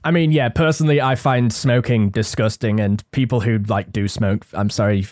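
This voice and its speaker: A man's voice: lowish voice, steady tone, moderate pace, darkish tone, no room sound, studio quality. A man in his twenties reading stories aloud and adding casual, wry comments after each one. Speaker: story narrator.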